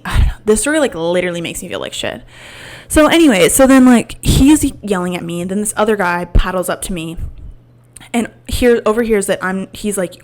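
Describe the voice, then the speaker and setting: A woman's voice: medium pitch, moderate pace. A woman in her twenties hosting a podcast, telling a personal story in a casual, candid way, full of "like" and swearing. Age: 20s. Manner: rambling, filler-heavy with frequent "like" and swearing; emotional and candid. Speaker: podcast host.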